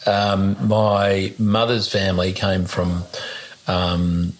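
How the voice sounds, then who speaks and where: A man's voice: low voice, monotone, slow pace, a little hiss or hum. A man hosting an interview, enthusiastic and often stumbling over his words. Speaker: podcast host. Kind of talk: casual interview conversation.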